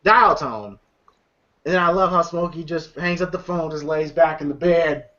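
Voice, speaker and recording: A man's voice: fairly high pitch, normal speed, pushed and bright. A man casually retelling a film's scenes to friends, loose and profane, laughing often. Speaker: movie reviewer. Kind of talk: casual movie recap among friends. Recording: dull lo-fi recording.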